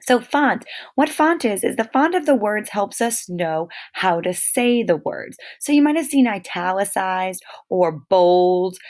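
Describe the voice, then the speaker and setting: Woman teacher, kids' online lesson, expressive poem reading, friendly explaining. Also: medium pitch, measured pace. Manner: expressive read-aloud, dramatizes poems. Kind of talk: recorded online lesson for children.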